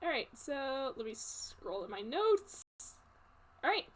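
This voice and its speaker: A woman running a tabletop game as game master, relaxed and full of fillers. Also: high voice, slow. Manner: laid-back, filler-heavy.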